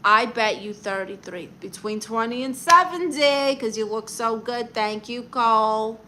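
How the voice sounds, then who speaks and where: Brassy Brooklyn woman with a bright voice. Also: a little high, measured pace, slight background noise. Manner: brassy, blunt and sassy, calls people honey. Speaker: livestream host giving comic advice. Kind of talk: comic livestream chat reading viewer comments.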